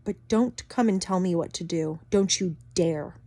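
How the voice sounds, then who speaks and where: A woman in a heated, swearing rant to camera as a vlogger, swinging between loud outbursts and muttered asides. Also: on the low side, a little slow, dry recording.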